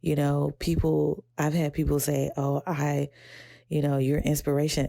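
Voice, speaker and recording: A woman's voice: little pitch movement, normal speed, mellow, no room sound, clean studio sound. A young adult woman with a Southern American accent, hosting a podcast, talking casually and reflectively, rambling and getting teary at times. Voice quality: gravelly low voice. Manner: reflective, rambling, quotes her inner voice in high pitch. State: emotional, teary. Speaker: podcast host. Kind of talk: casual personal talk.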